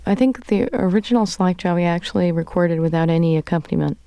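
Smooth-voiced woman musician chatting. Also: on the low side, fast talker, dry recording, clean studio sound. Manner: relaxed, loose, with fillers. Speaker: singer-songwriter guest. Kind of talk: casual interview chat. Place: large cathedral-like room.

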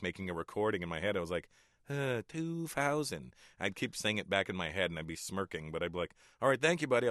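A middle-aged man, a stand-up comedian, telling stories in a relaxed interview and chuckling often. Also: low voice, dry recording, clean studio sound. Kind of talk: casual interview talk.

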